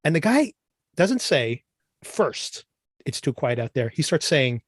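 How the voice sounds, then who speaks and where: A man's voice: on the high side, big pitch swings, measured pace, husky, no room sound. A man hosting a podcast, giving a casual, sarcastic review of a TV show with exasperated asides and bursts of laughter. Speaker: podcast host.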